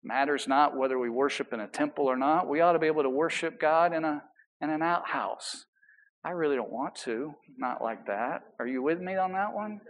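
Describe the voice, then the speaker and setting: A man preaching a sermon as pastor, emphatic and building, with relaxed conversational asides to the congregation. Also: fairly high pitch, moderate pace.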